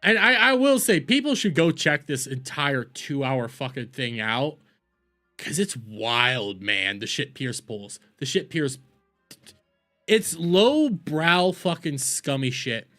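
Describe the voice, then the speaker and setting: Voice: medium pitch, expressive, takes it slowly, sharp tone, faint music behind. A streamer giving casual reaction commentary, profane and rambling. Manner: profane, rambling, scrolls while talking.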